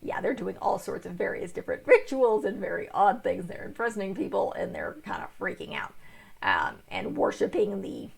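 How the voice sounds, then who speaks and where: A young woman reviewing a book in a rambling, casual way, sounding tired and yawning, with a gravelly, husky voice. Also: mid-range voice, very animated, moderate pace. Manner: rambling, full of fillers and restarts.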